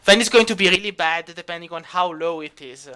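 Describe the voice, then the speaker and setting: A man's voice: sits high, fairly quick, bright, forceful tone, clean tone. A man running a tabletop game as game master, rambling with lots of fillers. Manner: rambling, many fillers, laughs easily.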